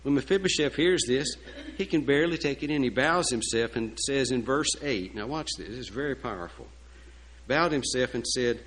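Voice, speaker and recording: A man's voice: mid-range voice, lively intonation, moderate pace, fairly bright tone, poor audio. A male preacher delivers a sermon in a storytelling style. He slips in folksy, joking asides and keeps asking rhetorical questions. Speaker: pastor.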